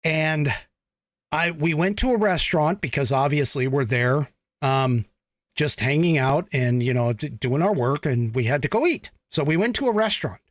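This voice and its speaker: A man's voice: a little high, lively intonation, moderate pace, no room sound, studio quality. A man from the United States hosting a podcast, giving a blunt, emphatic political commentary monologue with profanity. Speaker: podcast host.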